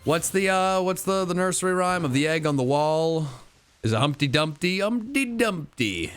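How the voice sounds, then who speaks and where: A man's voice: a little high, fairly even intonation, normal speed, smooth, soft background music. A man streaming a video game, playful and theatrical, talking to his chat. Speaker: gaming streamer. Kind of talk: live stream commentary and chat reading.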